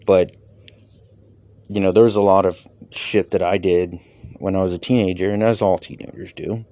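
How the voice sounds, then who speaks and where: A man's voice: low voice, steady tone, moderate pace, mellow, no room sound. A man who does stand-up and podcasts, a father himself, talking in a rambling, candid way, with casual swearing. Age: adult with children. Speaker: comedian and podcaster. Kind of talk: casual personal reflection.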